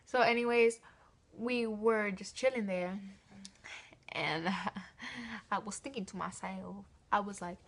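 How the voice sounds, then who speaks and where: A woman's voice: medium pitch, slow pace, pauses often. Teenage girl vlogger, casual and rambling storyteller, giggles a lot, mid-range voice. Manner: rambling, stumbles and restarts often; giggly, laughs mid-sentence.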